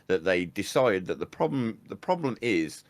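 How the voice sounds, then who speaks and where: An English man co-hosting a podcast in casual chat, quick and laughing along. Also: lowish voice, very animated, no room sound. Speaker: podcast co-host.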